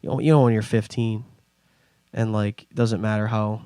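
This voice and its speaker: With a smooth, lowish voice at a moderate pace, a young podcast host rambles through casual travel stories, acting out other people's voices as he goes. The studio-quality audio has no room sound.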